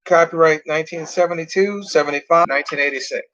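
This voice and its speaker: A man's voice: a little high, fast talker, fairly bright tone, lo-fi sound. A tired, yawning man rambling casually as he reads out track lists from his cassette tapes. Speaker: music collector reviewing cassette tapes.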